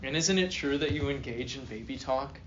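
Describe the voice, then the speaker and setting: A man's voice: mid-range voice, brisk, fairly bright tone, dull audio, slight background noise. A male philosophy professor giving a classroom lecture, reading a text aloud and then joking with students and asking them questions. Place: university classroom.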